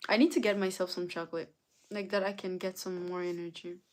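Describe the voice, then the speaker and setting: A woman's voice: lowish voice, little pitch movement, a little fast, darkish tone. A tired woman hosting a casual live stream, reading chat messages aloud and answering them. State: tired, yawning. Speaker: livestreamer.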